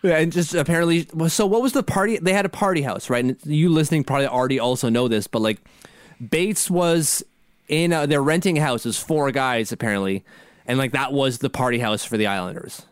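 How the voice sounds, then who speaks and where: A man with a medium-pitched voice co-hosts a sports podcast, speaking briskly in casual chat. He rambles, restarts often, and laughs frequently. The recording is studio quality with no echo.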